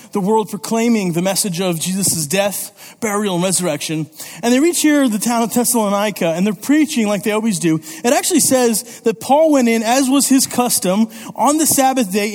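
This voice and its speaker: A man preaching a sermon as youth pastor, lively and conversational, often checking in with "okay?" and "all right?". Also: sits high. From Italy. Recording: long reverb of a church hall.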